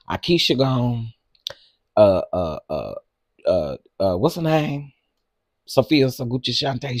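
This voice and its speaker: A man hosting a casual live stream, chatty and quick to laugh, talking straight to his viewers. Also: mid-range voice, husky, no echo, clean studio sound.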